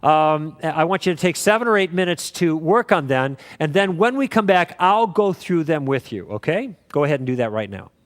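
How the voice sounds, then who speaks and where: A man with a high voice teaches a class, walking through his points in a relaxed, story-driven way. He quotes both sides of past conversations as he explains. The sound rings with a long reverb, as in a lecture hall. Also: normal speed, hardly any pauses.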